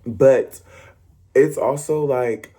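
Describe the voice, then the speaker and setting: Fast-talking young man with a husky voice. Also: mid-range voice. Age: young adult. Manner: fast-talking, animated, rambling with laughs and self-corrections. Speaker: stage performer and dancer. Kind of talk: casual talk to camera.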